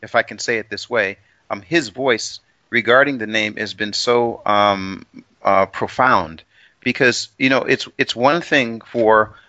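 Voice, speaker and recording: A man's voice: on the low side, a little slow, pushed and bright, no echo. A man talking hesitantly in casual podcast chat, with many fillers and restarts. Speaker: co-host. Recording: dry close lo-fi audio.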